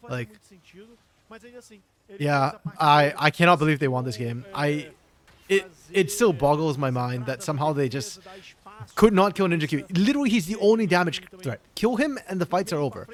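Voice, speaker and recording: Hoarse male co-stream caster; excitable, jokey, loose. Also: a little high. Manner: excitable, joking, rambling. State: hoarse from yelling. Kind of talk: casual live-stream commentary.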